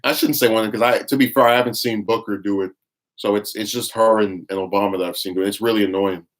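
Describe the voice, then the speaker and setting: Reading viewer chat on his live stream, this man delivers blunt, scornful commentary at a fast clip. His voice is on the low side and steady in tone, and he rambles with frequent restarts.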